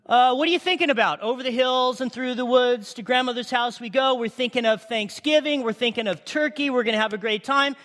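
High-pitched man preaching in a reverberant hall. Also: brisk, hardly any pauses, a bit bright. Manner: emphatic, conversational preaching with questions to the congregation. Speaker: pastor. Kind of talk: sermon.

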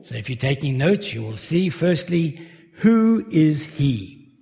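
A man preaching a sermon, slowly and carefully working through a Bible passage verse by verse. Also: fairly high pitch, animated, darkish tone. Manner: slow, measured expository preaching. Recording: long hall reverb.

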